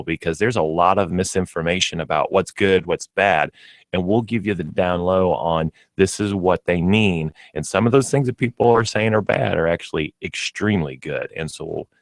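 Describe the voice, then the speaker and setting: A man's voice: deep voice, no echo. A middle-aged man with a Midwestern American accent, a pet store guest on a radio show, talking in a friendly, informative way. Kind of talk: casual radio chat. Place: radio studio. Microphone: studio microphone.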